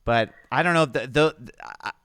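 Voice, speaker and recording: A man's voice: mid-range voice, normal speed, a bit bright, dry recording. A man chatting casually as a guest on a live show, often hesitating and restarting his sentences. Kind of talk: casual chat.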